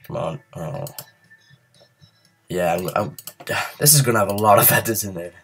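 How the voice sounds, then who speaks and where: A man's voice: on the low side, brisk, a bit bright, faint music behind. A man who is ill, giving let's play commentary while playing a game, frustrated and muttering curses at it. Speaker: gaming channel host.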